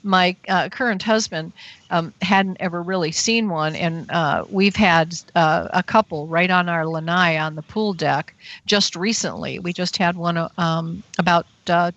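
A middle-aged woman tells her story in a chatty, filler-heavy way, her voice sitting a bit low. The sound is dry and close, with dull, lo-fi audio like a web radio stream. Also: a bit bright, no echo. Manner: chatty, many fillers, quick laughs. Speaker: radio show guest, field investigator. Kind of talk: casual storytelling.

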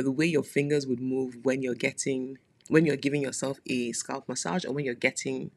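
A podcast host talking casually in a solo monologue, chatty and playful, with frequent laughing asides. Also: medium pitch.

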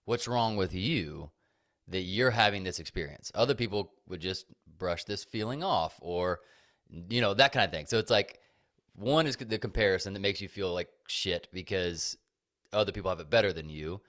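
A man's voice: sits low, normal speed, fairly bright tone. A man co-hosting a podcast, speaking earnestly and reflectively about his feelings in casual chat. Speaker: podcast co-host.

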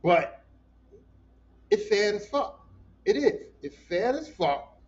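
High-voiced, blunt, profane man. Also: slow pace. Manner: blunt, profane and animated, with lots of repeated words. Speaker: podcast host. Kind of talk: casual monologue. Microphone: voice message. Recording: dull lo-fi podcast audio.

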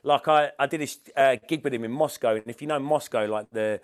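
Podcast guest or co-host, man, mid-pitched voice, rambling and sweary. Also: fairly quick, background noise. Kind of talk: casual chat.

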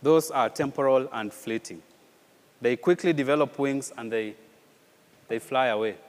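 A man preaching a sermon in an animated way, with rhetorical questions and repeated phrases. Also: mid-range voice, normal speed, in a large hall. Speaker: pastor.

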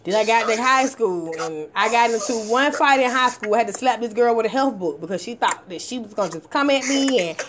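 Woman, high voice, brash storyteller, profane, lively quotes; faint noise. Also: brisk, hardly any pauses. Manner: profane, animated, acts out quotes. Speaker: storyteller in a casual talk. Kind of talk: casual chat, storytelling.

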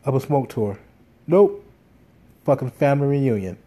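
A man's voice: mid-range voice, unhurried, dark tone. A man telling a casual, rambling story, swearing often and full of fillers and restarts. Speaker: podcast host.

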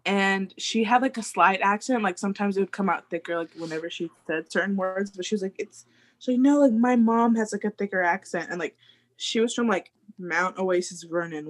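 A young woman co-hosting a casual chat with friends, telling stories in a chatty way and saying "like" a lot. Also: fairly low pitch. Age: young adult. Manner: chatty storyteller, heavy "like". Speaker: podcast co-host.

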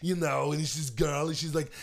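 A man's voice: a little high, flat delivery, a little fast, creaky. Man doing a bragging Austrian muscleman star. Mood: crude. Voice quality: heavy accent, repetitive "yeah" interjections. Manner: crude, bragging, rambling. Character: boastful rich Austrian muscleman celebrity, crude. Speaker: podcast guest. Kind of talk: comedic celebrity impression.

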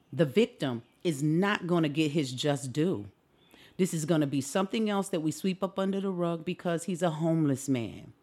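A woman's voice: on the low side, a little mellow. Fired-up lady ranting on her podcast, voice jumps all over the place, lots of rhetorical questions. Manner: impassioned, indignant, rhetorical questions. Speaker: podcast host. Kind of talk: opinionated solo podcast commentary.

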